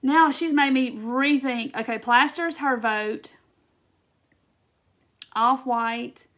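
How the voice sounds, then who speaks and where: High-voiced chatty woman. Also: slow pace, fairly bright tone. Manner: chatty, greets viewers by name while reading comments and working. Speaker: craft tutorial host. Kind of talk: live craft tutorial chat.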